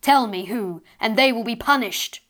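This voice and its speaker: A woman voicing a stern fairy mother whose voice booms down the chimney. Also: moderate pace, fairly bright tone, natural voice. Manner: booming.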